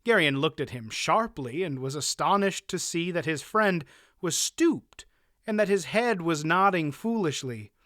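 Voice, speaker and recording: A man narrating a fantasy audiobook in a measured, even way. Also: a little high, no room sound, studio quality. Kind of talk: scripted narration.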